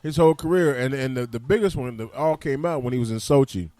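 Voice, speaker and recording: A man's voice: mid-range voice, quick pace, warm tone. A man hosting a talk radio show, speaking loosely in slang and rambling with frequent restarts. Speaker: radio host.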